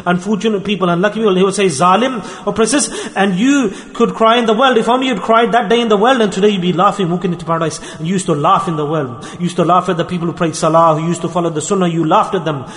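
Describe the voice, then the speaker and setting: A man preaching an impassioned, repetitive sermon, his voice swinging between soft and loud. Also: high voice, rapid-fire, hardly any pauses. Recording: long reverb of a hall.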